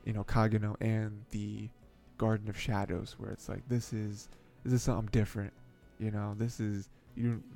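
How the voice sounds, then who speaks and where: A man chatting casually through an anime recap, his voice gravelly with a warm, mellow tone. He rambles, chuckles often and leans on fillers, with faint music underneath. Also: fairly low pitch, flat delivery, moderate pace, few pauses. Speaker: anime podcast host. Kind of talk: casual episode recap and commentary.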